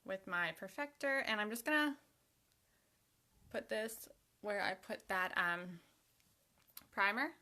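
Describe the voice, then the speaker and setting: A woman's voice: mid-range voice, expressive, takes it slowly, pauses often, bright, forceful tone. A young woman chatting casually to herself while doing her makeup for a vlog, sometimes dropping to a half-whisper. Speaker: makeup vlogger.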